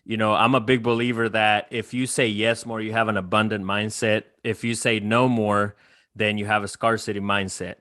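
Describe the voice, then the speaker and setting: A man hosting a podcast interview, speaking in an earnest, motivational way. His voice is bright and forward, and it is recorded close and dry. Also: lowish voice, flat delivery, normal speed, dry recording. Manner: earnest, motivational, asks long questions. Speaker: podcast host. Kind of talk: interview host, casual conversation.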